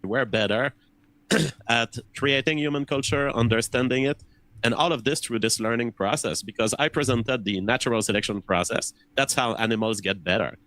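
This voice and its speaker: A man's voice: mid-range voice, moderate pace, fairly bright tone, poor audio. A man in a conversation earnestly explaining his ideas, often repeating words as he thinks. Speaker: interview guest.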